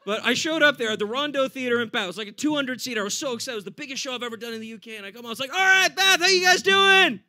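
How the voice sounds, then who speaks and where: A man with an American accent doing a standup comedy set for a live audience, animated and laughing often. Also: extremely high pitch, rapid-fire, hardly any pauses. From United States.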